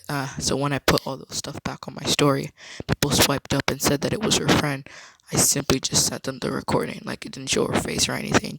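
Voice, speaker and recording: A man vlogging a casual story time, rambling in a low-key way. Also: creaky, background noise.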